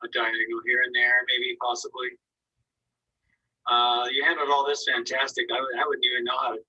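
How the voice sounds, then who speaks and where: A man's voice: mid-range voice, flat delivery, brisk, bright, forceful tone, husky, far from the mic, dull audio. A man teaching an online painting class, giving casual, encouraging critiques of students' work and thinking aloud as he goes. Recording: voice from away from the mic.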